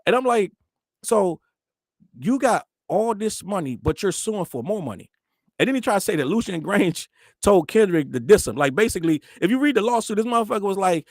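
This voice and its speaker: A man's voice: high voice, fairly quick, no room sound, clean studio sound. A man hosting a casual commentary show, ranting profanely and acting out the people he talks about. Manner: profane, animated, acts out quoted voices. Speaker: podcast host.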